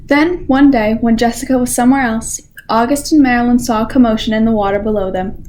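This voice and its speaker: A teenage girl volunteer reading a children's picture book aloud with expressive storytelling. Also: on the high side, brisk. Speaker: library volunteer reader.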